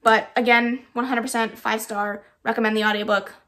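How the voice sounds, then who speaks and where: A woman's voice: a little high, little pitch movement, normal speed, fairly bright tone. A woman book vlogger giving casual, enthusiastic audiobook recommendations, with frequent ums. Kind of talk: casual book review vlog.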